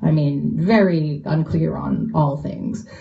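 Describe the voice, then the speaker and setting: A woman's voice: deep voice, steady tone, slow pace, creaky. A woman author answering audience questions at a bookshop event, chatty and laughing, with many fillers. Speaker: author on a panel. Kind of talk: casual panel Q&A talk. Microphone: phone recording from the audience. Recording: dull lo-fi phone recording.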